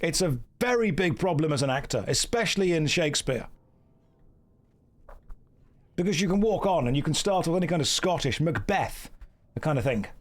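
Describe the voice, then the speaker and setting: English guy streaming a game and riffing on chat, kinda higher voice. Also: lively intonation, normal speed, long pauses. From England. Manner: joking, riffing, slips into mock accents. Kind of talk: live stream chat while gaming.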